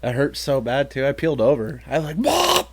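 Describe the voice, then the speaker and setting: A man co-hosting a podcast in casual chat, making wry jokes and laughing quickly. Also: mid-range voice, a crowd in the background. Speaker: podcast co-host.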